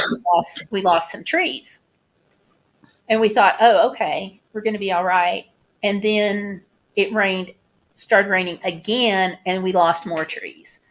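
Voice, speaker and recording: A woman vlogger talking casually, halting and restarting as she describes flood damage. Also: mid-range voice, a bit bright. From United States. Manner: chatty, halting, many restarts and fillers. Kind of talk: casual chat over photos.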